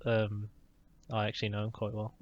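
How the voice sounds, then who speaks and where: A young man co-hosting a podcast, deadpan and laid-back as he plays along with the jokes. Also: lowish voice, moderate pace, dry recording, lo-fi sound. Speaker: podcast co-host. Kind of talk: casual chat.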